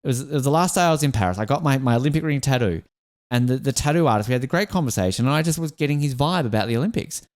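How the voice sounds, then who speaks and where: A man's voice: mid-range voice, animated, racing. An Australian man hosting a podcast, chatting casually and with enthusiasm, getting emotional and restarting his sentences often. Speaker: podcast host.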